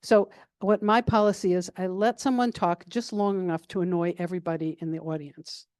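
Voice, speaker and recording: An older retired woman, a guest speaker answering audience questions in a calm, level, chatty way with many fillers. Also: on the low side, brisk, dry recording, studio quality. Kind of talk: casual Q&A answers.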